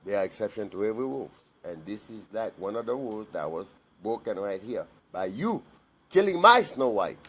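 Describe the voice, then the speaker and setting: A man's voice: lowish voice, brisk, few pauses, mellow, husky. Man, vlogger, blunt, emphatic, repeats himself, unscripted monologue.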